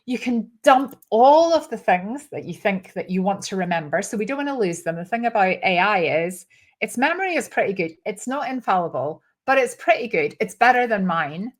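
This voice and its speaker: A woman's voice: mid-range voice, expressive, normal speed. Chatty woman with a Northern Irish-Scottish lilt. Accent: mix of Northern Irish and Scottish. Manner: chatty, keeps asking "right?", shifts pace a lot. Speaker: host. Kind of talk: casual solo talk to camera.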